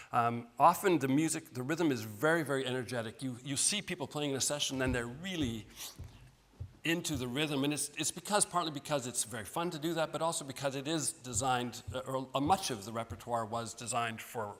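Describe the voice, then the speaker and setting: A man lectures on music in a relaxed, self-deprecating way, often stopping to restart a sentence. His voice sits in an ordinary middle pitch. The sound carries a long reverb from the large hall around him. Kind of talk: informal music lecture with playing.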